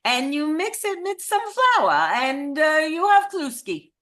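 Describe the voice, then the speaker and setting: A woman's voice: sing-song, slow, heavily acted. A woman voicing a blunt, thrifty elderly grandmother with a put-on Eastern European accent, exaggerated for comedy. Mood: matter-of-fact. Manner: exaggerated comic accent, high and loud.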